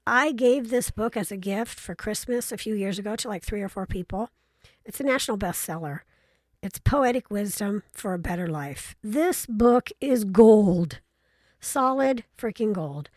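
A middle-aged woman tells stories in a frank, playfully blunt way, slipping into other people's voices as she goes. Her sound is dry and close, with no room echo. She keeps it casual and chatty throughout. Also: medium pitch. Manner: acts out voices in her anecdotes. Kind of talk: casual storytelling monologue.

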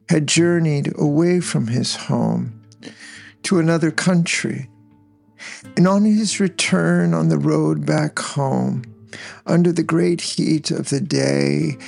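A man narrates a folk tale at a slow, unhurried pace. His voice sits a little high for a man and carries a gravelly texture. Soft music plays faintly underneath. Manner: unhurried, measured, with voiced characters in dialogue. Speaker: storyteller.

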